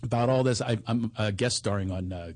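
A man in his forties, a comedian, telling animated stories in a casual chat and sometimes breaking into theatrical singing. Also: a little fast. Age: 40s. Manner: animated storyteller, bursts into high theatrical singing.

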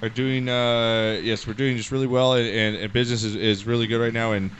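A young man hosts a live sports talk show in a loose, rambling way, swearing as he goes. His voice is bright and forceful. A faint noise sits under it. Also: mid-range voice, little pitch movement, fairly quick. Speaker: podcast host.

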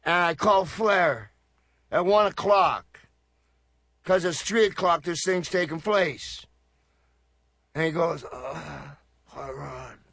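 A man hosting a podcast, telling a story in a profane, animated way. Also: high-pitched, takes it slowly, pauses often, no echo. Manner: profane, animated storyteller, does voices for others. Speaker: podcast host. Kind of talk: casual storytelling rant. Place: radio studio.

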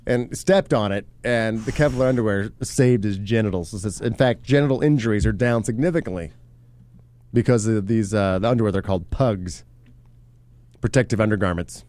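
Male co-host, low-pitched, dry wit, loose banter. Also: normal speed, darkish tone. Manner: dry, wisecracking. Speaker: radio show co-host. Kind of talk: casual joking chat.

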